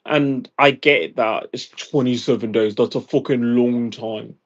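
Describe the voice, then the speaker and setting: A man's voice: medium pitch, unhurried, few pauses, lo-fi sound. An exhausted American man venting angrily in a profane monologue. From United States. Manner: angry, profane rant. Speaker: vlogger.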